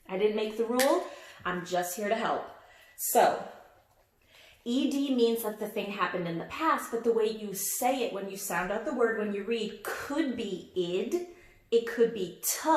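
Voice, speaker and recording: A woman's voice: mid-range voice, roomy sound. A woman teaching a phonics lesson and reading a picture book aloud, patient and encouraging, stretching out word sounds for young listeners.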